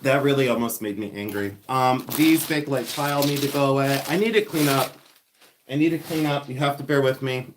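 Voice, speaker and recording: A man talks his way through a vintage unboxing on a livestream, chatty and easily distracted. His voice sits at an ordinary middle pitch, and he breaks off often to greet viewers and read their comments aloud. He rambles loosely from one find to the next. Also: a little hiss or hum. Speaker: livestream host selling vintage finds. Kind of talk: casual livestream chat.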